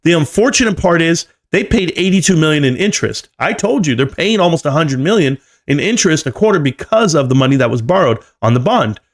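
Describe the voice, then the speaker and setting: Guy live streaming market commentary, a bit high-pitched, lecturing, keeps repeating the numbers for emphasis. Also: animated, brisk, few pauses. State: coughing, choked up.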